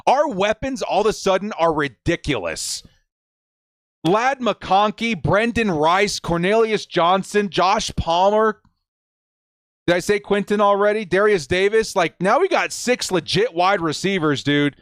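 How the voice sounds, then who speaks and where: Hyped high-voiced man streaming live. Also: lively intonation, normal speed, dry recording, studio quality. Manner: hyped, shouting and whooping. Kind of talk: excited live-stream reaction.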